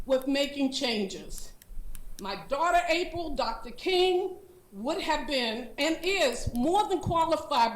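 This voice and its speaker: High-voiced older woman at a board meeting. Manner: earnest, conversational, laughs now and then. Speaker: public commenter at a school board meeting. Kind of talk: unscripted public comment. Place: school board meeting room. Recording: echoey meeting room.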